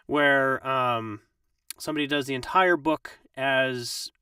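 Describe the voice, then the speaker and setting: Male voice actor, slightly under the weather, casual tutorial, mid pitch, dry room. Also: pushed and bright, clean tone, dry recording, distant mic. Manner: rambling, with many ums and restarts. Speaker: voice actor and audiobook narrator. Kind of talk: casual live-stream tutorial.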